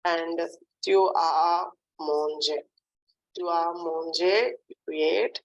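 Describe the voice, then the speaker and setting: A woman teaching French in a lesson, drilling phrases slowly and often checking in with "hmm, d'accord". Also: fairly low pitch, steady tone, lo-fi sound. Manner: slow, repetitive drilling with frequent "hmm, d'accord". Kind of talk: online language lesson.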